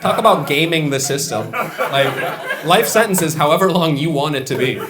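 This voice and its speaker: Young man, stand-up comic, deadpan, mumbled asides, somewhat high voice, audience laughing. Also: normal speed. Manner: deadpan, jumps from mumbled asides to loud punchlines. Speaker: stand-up comedian. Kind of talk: stand-up set. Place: comedy club stage with a live audience. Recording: laughing crowd in a room.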